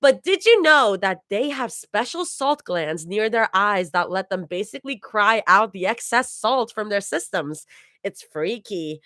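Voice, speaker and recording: A woman reading aloud as an excited young woman who lectures about sea creatures, in a storybook reading. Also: sits high, moderate pace, hardly any pauses, dry recording, studio quality, pitched above the performer's own voice, heavily acted. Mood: eager.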